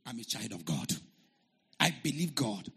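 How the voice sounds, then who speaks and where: A man preaching a sermon as a pastor, telling a story and shouting and chanting at its peaks. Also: on the low side, big pitch swings, normal speed, gravelly, breathy edge.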